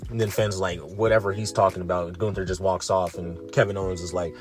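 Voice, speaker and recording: A man's voice: low-pitched, steady tone, quick pace, hardly any pauses, music in the background. Profane, exasperated man ranting. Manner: profane, sarcastic, exasperated, voice rising in disbelief. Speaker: wrestling show reviewer. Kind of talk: ranting show review.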